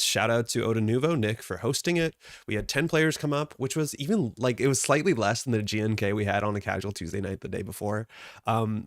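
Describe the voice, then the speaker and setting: A man's voice: mid-range voice, dry recording, clean studio sound. Chatty stuffy-nosed man streaming. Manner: chatty, rambling, greets viewers by name. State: stuffed up from allergies. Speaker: streamer hosting a card game stream. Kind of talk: casual live-stream chat.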